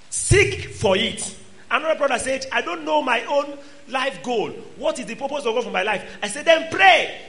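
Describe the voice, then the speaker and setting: A man preaching a sermon, swinging between loud exhortation and quiet asides. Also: sits high.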